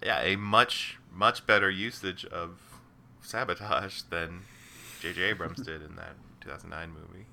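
A man's voice: sits low, fairly even intonation, a little slow, gravelly, pushed and bright, slight background noise. A man hosting a casual movie chat, rambling through a plot recap with many fillers.

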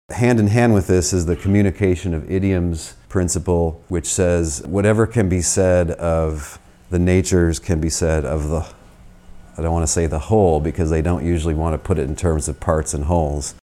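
An American man giving a conversational theology lecture, reasoning through arguments with quick asides. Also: a bass voice, fairly even intonation, mellow. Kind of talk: spoken lecture.

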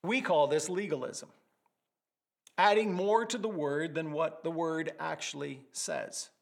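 A pastor preaching a sermon, animated and vivid, with vivid word pictures and humorous asides. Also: male voice, a little high, a little slow, vocal fry.

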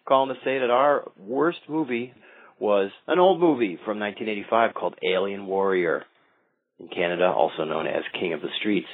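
A man's voice: fairly low pitch, dry recording. A man who hosts a comedy show, leaving an upbeat phone message. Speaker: comedy show host calling in. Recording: dry tinny phone line.

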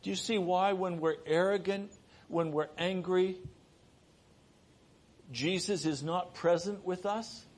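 A middle-aged male preacher with a husky, somewhat high voice. He preaches at an unhurried pace. His delivery swings between raised, urgent appeals and quiet, hushed stretches. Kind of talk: sermon.

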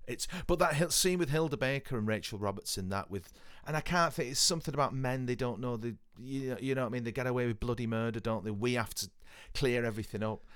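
Animated man from Northwest England. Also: mid-range voice, quick pace, hardly any pauses, smooth, no room sound, studio quality. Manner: animated, repeats words for emphasis, mild swearing. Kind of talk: casual film chat.

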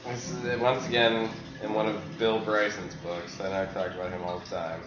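Deadpan man on a podcast. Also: lowish voice, fairly quick, reverberant, highs cut off, music in the background. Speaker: podcast co-host. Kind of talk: casual chat.

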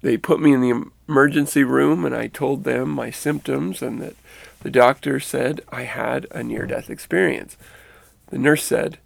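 Gravelly man telling a personal story. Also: medium pitch, no room sound. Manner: earnest, halting, with restarts and vivid detail. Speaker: storyteller recounting a near-death experience.

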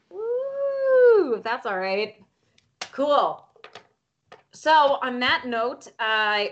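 Bright-voiced woman player. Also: mid-range voice, dull audio. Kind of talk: casual chat at a game table.

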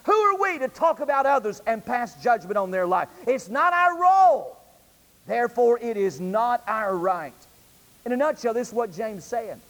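A man's voice: very high-pitched, animated, normal speed, a bit bright. A man preaching a sermon to his congregation, firing rhetorical questions at them. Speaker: pastor. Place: church sanctuary. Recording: reverberant church hall.

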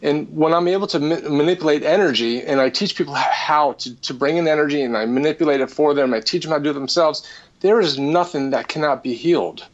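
A man giving an earnest personal testimony as a spiritual healer, speaking haltingly with frequent restarts. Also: on the high side, dull audio.

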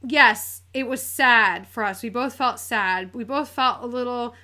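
Bright, earnest woman podcast host. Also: a little high, unhurried. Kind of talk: casual podcast chat.

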